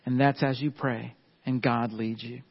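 A man's voice: medium pitch, level tone, unhurried, husky. A middle-aged man preaching a sermon in a folksy way, often turning to the congregation with asides. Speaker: pastor. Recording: dull lo-fi sound.

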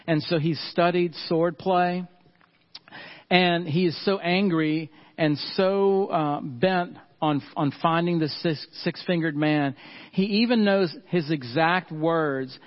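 A middle-aged pastor preaches a sermon earnestly, slowing down and softening on key points. His voice is on the high side, and the highs are cut off.

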